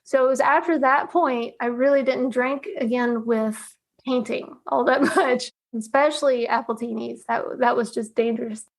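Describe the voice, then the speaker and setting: A woman's voice: a little high, steady tone, moderate pace. A woman guest recounting a personal story with emotion, laughing often and acting out the conversations she had. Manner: tearful, laughs often, acts out dialogue. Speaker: guest, artist.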